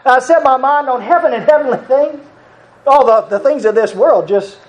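A preacher giving an earnest, repetitive sermon, often breaking into soft chuckles. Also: high voice, normal speed, rough recording.

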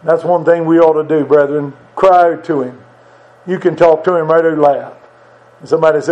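High-voiced earnest preacher, lo-fi. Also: male voice, normal speed, darkish tone. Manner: earnest, conversational preaching with repeated phrases. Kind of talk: sermon.

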